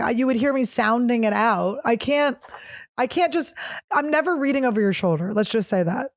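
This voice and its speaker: A woman hosting a comedy podcast alone, telling crude, animated, self-mocking stories in a casual monologue. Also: fairly high pitch, brisk. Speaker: podcast host.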